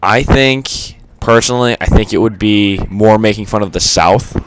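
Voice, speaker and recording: A man's voice: on the low side, normal speed. A man giving unscripted gameplay commentary, rambling and stuttery with lots of fillers and casual swearing. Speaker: gaming commentator.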